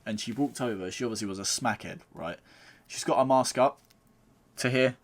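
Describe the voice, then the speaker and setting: A man's voice: mid-range voice, fairly quick. A man, co-hosting a podcast and telling blunt, sweary anecdotes. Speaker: podcast co-host. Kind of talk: casual chat.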